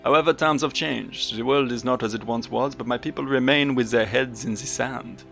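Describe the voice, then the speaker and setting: A man's voice: medium pitch, moderate pace, vocal fry, a bit bright, soft background music. A man voicing a solemn exiled male bird-folk warrior in a put-on French accent for a video game let's play. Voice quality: accent degrading as it goes.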